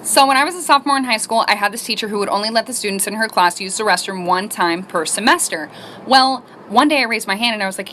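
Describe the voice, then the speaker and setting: Bright-voiced middle-aged woman telling stories. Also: mid-range voice, quick pace, a little hiss or hum. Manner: animated, laughs while telling. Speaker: storyteller. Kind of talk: casual storytime.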